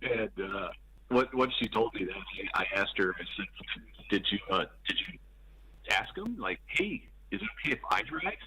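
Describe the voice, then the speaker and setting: A police officer guest on a radio talk show, telling his story matter-of-factly with dark humor. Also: fairly low pitch, animated, normal speed, a little hiss or hum, rough recording.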